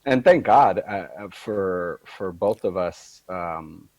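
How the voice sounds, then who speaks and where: A man's voice: low-pitched, lively intonation, slow, a little mellow, dry recording. A man guesting on a podcast, reminiscing in a rambling way with frequent laughs and trailing restarts. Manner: rambling, laughs a lot, many restarts and fillers. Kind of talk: casual chat.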